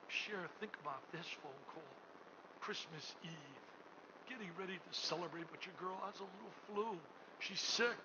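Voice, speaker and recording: Booming older man, high voice. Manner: booming, swings between shouting and hushed tones. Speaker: gala host. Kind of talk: emotional fundraising speech. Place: hotel ballroom. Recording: muffled recording with room noise.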